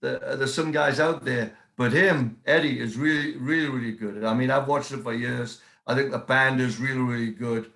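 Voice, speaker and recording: A middle-aged man from England with a softened English accent, chatting casually as a guest on a podcast and often repeating words for emphasis. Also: medium pitch, steady tone, normal speed, few pauses. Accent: English, softened by years in the United States. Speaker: guest musician and promoter. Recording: roomy echo.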